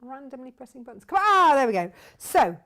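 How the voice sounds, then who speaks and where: A woman's voice: sits high, big pitch swings, a little fast, a bit bright. A middle-aged woman hosts a casual live stream for a fabric shop. She chats freely, greets viewers by name and reads out their comments, laughing often.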